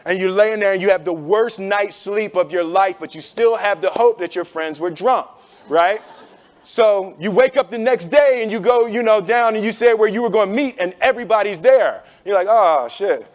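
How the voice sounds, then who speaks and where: A man telling a story to a live audience, animated, acting out voices and laughing often. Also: high-pitched, moderate pace.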